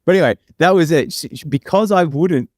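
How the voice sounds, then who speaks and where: A man's voice: on the high side, brisk, darkish tone, no room sound, clean studio sound. A young man telling a long story on a podcast as co-host, rambling, with many fillers and tag questions. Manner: rambling, full of fillers and "right?" tags. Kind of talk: casual storytelling.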